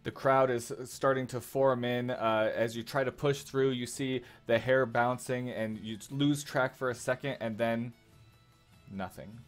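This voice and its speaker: A man's voice: medium pitch, fairly even intonation. Guy game-mastering a tabletop game over a call, lots of ums, faint music behind. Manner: halting, many filler sounds.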